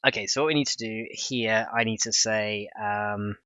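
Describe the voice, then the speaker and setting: Stuffy-nosed male streamer, low, bright tone, rambling casual chat, dry lo-fi mic. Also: fairly even intonation, normal speed, dry recording. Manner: rambling, thinks aloud with chuckles. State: stuffed-up nose. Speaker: livestreamer and game modder.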